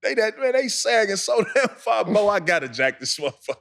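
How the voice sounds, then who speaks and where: A man, co-hosting a podcast and telling an animated story full of acted-out quotes. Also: sits high, fairly quick, vocal fry. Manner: animated storyteller, acts out quotes, laughs a lot. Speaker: podcast co-host. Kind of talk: casual storytelling.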